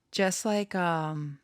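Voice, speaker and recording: A woman's voice: lowish voice, no echo, studio quality. A woman telling a rambling personal story in a casual monologue, giggling often and restarting her sentences with many fillers. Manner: self-conscious, embarrassed. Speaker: channeler and storyteller.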